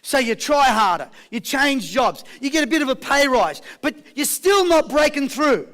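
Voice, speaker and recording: High-pitched rallying Australian man. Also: expressive, normal speed, fairly bright tone. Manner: high-energy, rallying the crowd with questions and call-and-response. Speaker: motivational speaker. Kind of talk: motivational seminar talk to a live audience.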